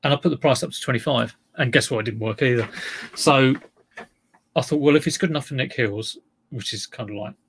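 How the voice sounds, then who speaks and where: A man hosting a casual live stream about his online resale listings, talking in a deadpan, joking way. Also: mid-range voice, a little fast, gravelly, a little hiss or hum. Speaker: livestream host.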